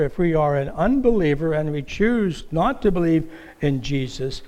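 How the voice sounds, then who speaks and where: Preacher with a raised voice in a reverberant hall. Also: male voice, a little high. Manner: animated storytelling, acts out voices in quotes. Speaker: pastor. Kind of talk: sermon. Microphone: stage microphone with monitor.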